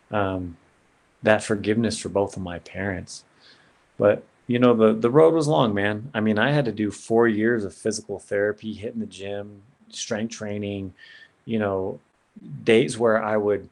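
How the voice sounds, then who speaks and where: A man's voice: on the low side, gravelly. A man sharing an earnest personal story as a podcast guest, in a casual way with lots of "man" and "bro".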